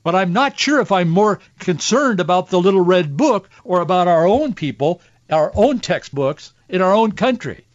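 A man's voice: sits high, animated, moderate pace, few pauses, no echo. A male radio talk host giving impassioned Christian commentary, earnest and preachy, with an emotional pull. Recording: dull, dry studio sound.

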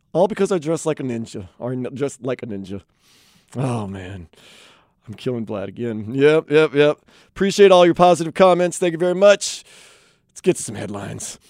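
A man's voice: on the high side, darkish tone, dry recording. A man hosting a sports radio show in a studio, joking about himself between headlines. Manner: playful, self-mocking, jokey.

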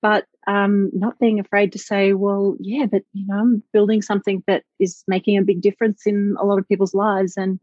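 A woman's voice: medium pitch, little pitch movement, moderate pace, few pauses, darkish tone, no echo. A woman, a business owner talking reflectively and with enthusiasm in a conversational interview, with many fillers. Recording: slightly dull lo-fi audio.

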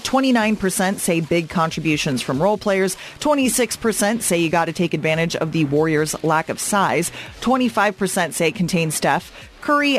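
A woman on sports radio reading a listener poll and its results in an upbeat way. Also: low voice. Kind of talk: radio poll read, casual banter.

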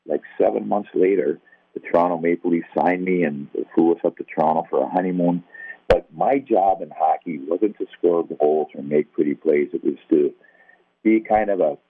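An older man with a low voice tells a personal testimony at normal speed, conversational and self-deprecating, acting out the voices of people in his story. The recording is dry and tinny, almost like a phone line.

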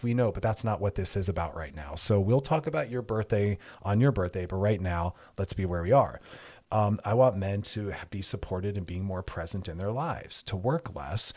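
A man hosting a radio advice show, talking in a lively, animated way and now and then slipping into mocking voices. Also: sits low, slightly rough. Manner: animated, lively, often slips into mocking put-on voices for others. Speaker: radio show host and therapist.

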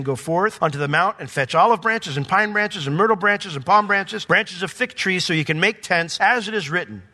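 A man preaching a sermon as pastor, reading scripture aloud and explaining it verse by verse, swinging from quiet asides to raised emphatic points. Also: a little high.

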